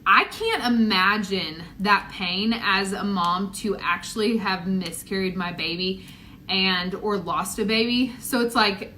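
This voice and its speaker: A woman's voice: medium pitch, unhurried, pushed and bright, a little hiss or hum. A pregnant young woman, chatting casually to camera and telling a story with lots of "like" and "y'all". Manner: chatty storytelling with many "like"s, addresses viewers as "y'all". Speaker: vlogger.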